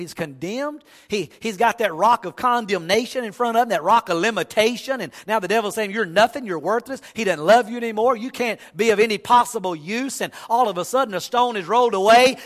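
Preacher guy, high bright voice, acts out the story, big echoey church. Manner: animated storytelling, acting out voices, folksy humor. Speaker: pastor. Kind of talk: sermon. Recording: long hall reverb.

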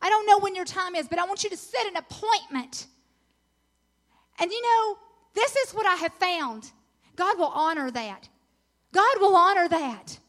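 With a very high voice, a moderate pace, and long pauses, a middle-aged woman preaches a sermon at a women's conference. Her tone is earnest and encouraging, swelling with excitement during scripture readings.

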